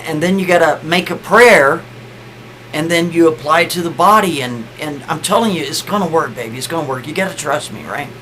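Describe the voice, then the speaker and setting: A man's voice: fairly high pitch, fairly bright tone, slight background noise, close to an everyday voice, low-quality recording. A man voicing a pleading, insistent man who keeps coaxing his partner with "baby" and "listen".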